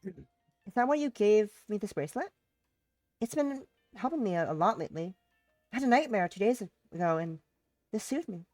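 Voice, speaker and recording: A sick-voiced woman voicing the gentle, curious young human heroine of a visual novel, reading softly and earnestly. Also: mid-range voice, expressive, normal speed, long pauses, no room sound, soft background music, pitched above the performer's own voice, close to an everyday voice.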